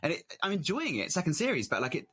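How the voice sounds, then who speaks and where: A man's voice: a little high, huge pitch swings, fast, bright, forceful tone, breathy edge. A man co-hosting a podcast, chatting in a laid-back, playful way. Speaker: podcast co-host. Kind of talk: casual chat.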